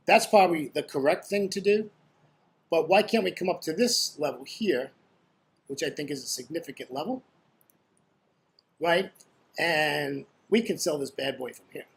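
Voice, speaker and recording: A man's voice: fairly high pitch, expressive, unhurried, vocal fry, long pauses. A man giving casual trading commentary over his screen, chatty and blunt, joking and constantly asking "right?". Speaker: forex trading educator.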